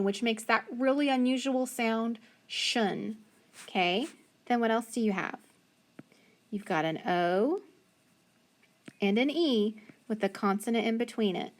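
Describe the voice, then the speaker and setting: A woman teaching a phonics lesson, slowly and patiently sounding out letters and syllables. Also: a little high, a bit bright.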